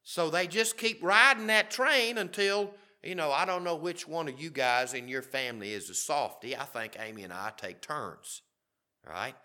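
Bright-voiced male preacher. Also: a little high, normal speed. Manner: reads scripture aloud and comments conversationally. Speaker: pastor. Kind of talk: sermon.

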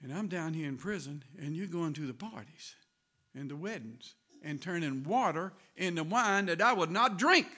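High bright-voiced preacher, quiet to shouting. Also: male voice, expressive, moderate pace. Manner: swings from quiet asides to loud shouting, laughs often. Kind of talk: sermon.

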